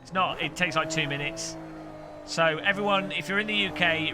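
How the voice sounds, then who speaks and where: Sitting high in pitch and speaking at a moderate pace, this man rambles to his stream audience during a sim race, answering chat messages as they come in. He's a game streamer, and loud music and car engines roar behind him.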